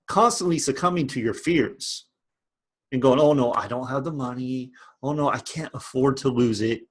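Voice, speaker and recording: A man's voice: medium pitch, a bit bright, husky. A man vlogging about online business, giving a passionate, repetitive motivational rant.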